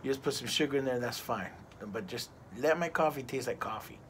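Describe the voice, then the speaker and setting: A man's voice: medium pitch, fairly quick, slight background noise. A middle-aged man reviewing a cigar in a casual vlog, rambling and ranting with plenty of profanity.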